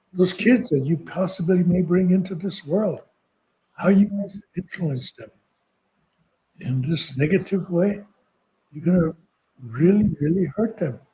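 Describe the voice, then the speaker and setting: Soft-spoken older man, mellow voice. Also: sits high, low-quality recording. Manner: slow, halting, soft-spoken. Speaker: podcast guest speaker. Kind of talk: reflective personal storytelling.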